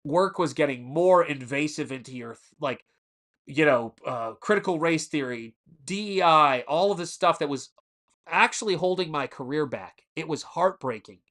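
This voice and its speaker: A man's voice: a little high, expressive, moderate pace, a bit bright. A man in his forties hosting a casual live stream, telling rambling stories and stopping to answer the chat. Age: 40s. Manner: rambling storyteller who answers chat mid-story.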